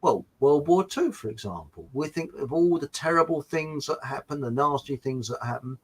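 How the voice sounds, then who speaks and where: A man's voice: fairly high pitch, animated, normal speed, breathy edge, poor audio. An English man chatting as a guest, telling rambling anecdotes with frequent restarts. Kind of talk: casual chat.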